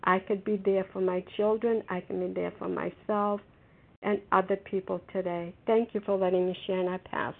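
A woman's voice: medium pitch, little pitch movement, gravelly. Earnest middle-aged woman on a phone line. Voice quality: earnest, halting, many restarts. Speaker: meeting member sharing. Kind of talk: sharing at a twelve-step phone meeting. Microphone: telephone.

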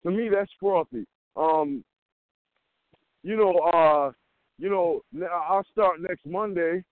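A man sharing at a recovery meeting in a halting way, with many ums and restarts. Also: high-pitched, dry recording. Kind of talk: casual recovery share. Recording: dry phone-line call audio.

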